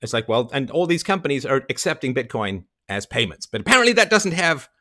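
A man's voice: mid-range voice, very animated, a little fast, pushed and bright. A middle-aged man hosting a commentary show, ranting emphatically and mockingly with frequent swearing. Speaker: podcast host commenting on a clip.

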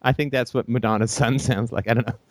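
A British-accented man hosting a call-in show, talking off the cuff in an animated way, laughing often between phrases, with a theater-trained voice. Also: mid-range voice, fast talker, no room sound, studio quality. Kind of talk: unscripted call-in show monologue.

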